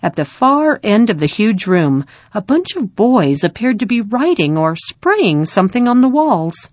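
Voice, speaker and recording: A woman reading a story aloud in a calm, measured narration. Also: medium pitch, no echo.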